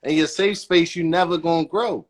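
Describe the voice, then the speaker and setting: A laid-back man from Maryland co-hosts a relaxed discussion, easygoing and slangy, with a chuckle never far off. His voice sits a little high for a man. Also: normal speed. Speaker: co-host. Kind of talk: casual talk-show chat.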